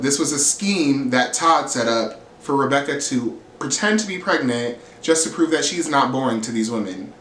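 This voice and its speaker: In a roomy space with faint ambient hiss, a man with a mid-range, slightly bright voice recaps an episode of reality TV. He's casual, blunt and sassy, swearing freely and performing the quotes.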